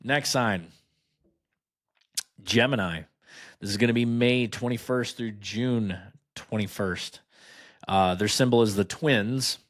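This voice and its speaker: Sarcastic low-voiced podcast host. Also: male voice. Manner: mocking, riffing, asides. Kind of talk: casual sarcastic commentary.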